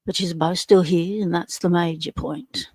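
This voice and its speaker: A woman's voice: fairly low pitch, fairly even intonation, normal speed, a little mellow, no echo, studio quality. A middle-aged Australian woman hosting a casual livestream, chatting and greeting viewers by name. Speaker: livestream host.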